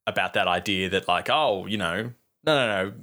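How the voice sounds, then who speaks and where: A man chatting casually about a film, animated, swearing freely and acting out lines from scenes. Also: deep voice, fairly quick.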